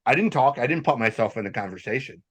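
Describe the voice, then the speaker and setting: A man hosting a podcast, telling stories in a rambling, animated, casual way. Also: mid-range voice, fast talker. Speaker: podcast host. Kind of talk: casual storytelling chat.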